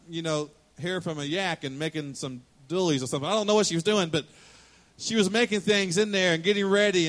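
Folksy, joking male preacher. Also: a little high. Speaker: pastor. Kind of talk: sermon.

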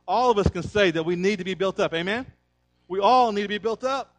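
A male pastor delivers a sermon with emphatic energy, pressing his points and calling on the congregation to answer back. His voice sits high for a man. Between points he slips into a relaxed, conversational telling of stories. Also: brisk, soft background music. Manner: conversational storytelling.

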